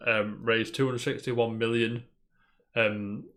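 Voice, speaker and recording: A man's voice: medium pitch, fairly even intonation, slow, fairly bright tone. A man co-hosting a casual gaming news podcast, rambling cheerfully and calling his co-host "mate". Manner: chatty, rambling, peppers talk with "mate".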